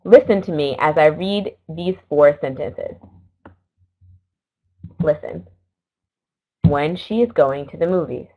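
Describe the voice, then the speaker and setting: A middle-aged woman teaching an English lesson, explaining slowly and carefully and correcting herself now and then. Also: low-pitched. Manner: slow, careful explaining with small self-corrections. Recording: dull lo-fi recording.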